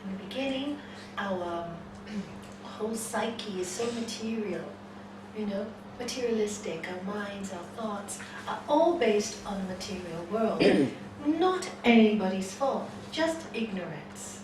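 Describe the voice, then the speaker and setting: A woman's voice: mid-range voice, measured pace. A woman yoga teacher giving a spiritual talk, telling a story and acting out the voices in it. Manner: animated storyteller, acts out the voices in her story. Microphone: distant room mic. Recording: echoey hall from far off, noisy ambience.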